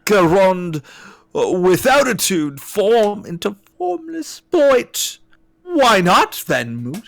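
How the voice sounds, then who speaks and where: A man playing a pompous alien captain who declaims his verses slowly and grandly. The voice sits a little high, with a gravelly rasp. It is recorded dry and close. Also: very animated, a bit bright, no echo, exaggerated voice. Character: pompous alien male captain reciting bad poetry. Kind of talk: comic voice on a game stream.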